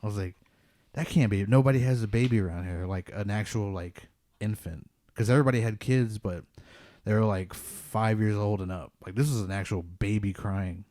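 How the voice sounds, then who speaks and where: A man's voice: on the low side, normal speed, dark tone, dry recording, studio quality. A man hosting a podcast, telling a personal ghost story in a casual, rambling way with many "like" fillers. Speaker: podcast host.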